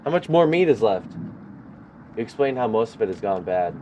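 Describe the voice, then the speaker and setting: A man voicing an angry woman survivor in a story game, shouting accusations, raised and loud. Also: fairly low pitch, sing-song, normal speed, lo-fi sound, a little hiss or hum. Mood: furious. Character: furious demanding woman survivor.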